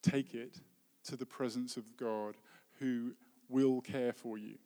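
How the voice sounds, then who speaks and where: A man, a worship leader giving an earnest, heartfelt sermon that often drops to a soft voice. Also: mid-range voice, fairly even intonation, takes it slowly. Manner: earnest, heartfelt preaching with soft dropping phrases. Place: church hall. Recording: long reverb of a hall.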